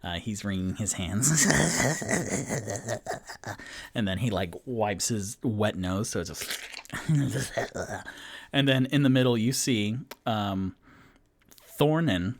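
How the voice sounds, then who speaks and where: Low-voiced, slow-talking male game master. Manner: casual and rambling, with many fillers. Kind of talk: solo tabletop game narration.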